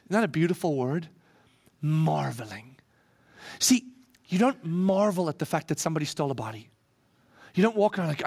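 A male preacher with a high-pitched voice delivering a sermon. He drops to a hush for scripture and rises to loud, dramatic emphasis. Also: animated, brisk, slightly rough. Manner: dramatic, swinging from hushed to loud.

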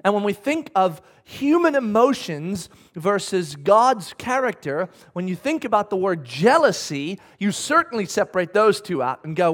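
A man preaching a sermon, animated, acting out quotes with the odd laugh. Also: sits high, normal speed. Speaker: pastor.

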